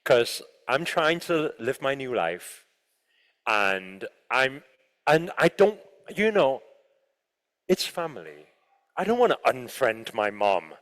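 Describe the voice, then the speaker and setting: A man giving an animated motivational talk to a live audience, often asking the listeners questions. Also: mid-range voice, slow. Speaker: motivational speaker. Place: large room with an audience. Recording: long hall reverb.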